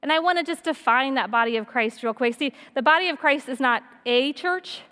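A high-pitched woman in her thirties preaches a sermon in a church hall, her voice trailing off in a long reverb. She talks in an earnest, personal way, telling stories and hammering points home through repetition. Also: a little fast, bright, forceful tone, smooth. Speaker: women's speaker.

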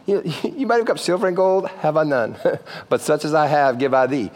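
A man's voice: on the high side, very animated, moderate pace, long reverb tail. A man preaching a sermon in a church, playful and joking, often checking in with the crowd. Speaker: pastor. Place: church sanctuary.

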